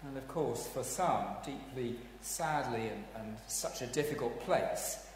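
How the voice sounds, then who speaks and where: A man preaching a sermon, swinging between hushed tones and loud dramatic exclamations. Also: medium pitch, measured pace, a little hiss or hum. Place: church. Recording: echoey hall, heard from a distance.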